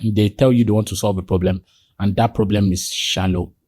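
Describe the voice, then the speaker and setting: Brisk, darkish and fairly even in intonation, the man's voice comes with no room sound. In animated podcast conversation as a guest, he recounts stories, performing the voices of those involved and jumping suddenly higher for quotes.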